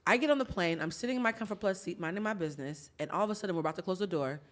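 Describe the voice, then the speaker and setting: A woman's voice: on the low side, racing. A woman over forty hosting a podcast, telling stories in casual chat, laughing often and swearing freely. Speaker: podcast host.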